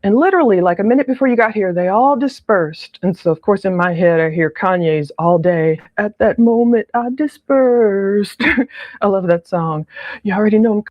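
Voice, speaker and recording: A woman's voice: on the low side, fairly quick, no room sound, phone-quality sound. A woman giving casual, chatty commentary over audio clips, laughing often and quoting people in mock voices. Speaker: true crime commentator.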